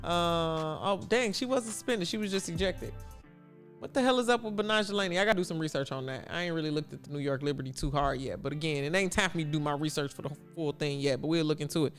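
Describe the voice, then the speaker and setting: A man's voice: on the high side, fast, a bit bright, soft background music. A man from Chicago hosting a casual sports livestream, chatty and answering his viewers' chat aloud. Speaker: livestream host.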